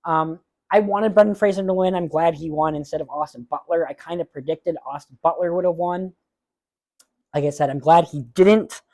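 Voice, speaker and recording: A man hosting a solo movie podcast, chatting casually and giving blunt opinions with frequent filler pauses. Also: fairly high pitch, mellow. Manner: openly emotional about awards moments.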